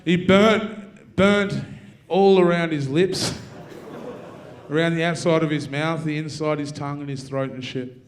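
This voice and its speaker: Man, Australian accent, stand-up comic, foul-mouthed dark deadpan stories, live theatre mic. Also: a little high, a little slow, pauses often. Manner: profane, dark deadpan storytelling. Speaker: stand-up comedian. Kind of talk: stand-up comedy set. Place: university theatre with live audience.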